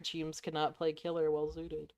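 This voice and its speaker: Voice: medium pitch, completely flat delivery, normal speed, darkish tone, clean tone. A streamer from the United States talking casually while playing, laid-back, sheepish and slangy. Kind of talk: casual game stream talk.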